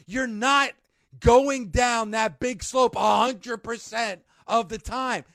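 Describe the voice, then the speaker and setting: A man with a strikingly high voice rants as a radio host, emphatic and exasperated, pleading for change. The sound is bone-dry and close on a studio microphone. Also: fairly even intonation, takes it slowly, gravelly, fairly bright tone, no echo. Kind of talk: ranting sports radio talk.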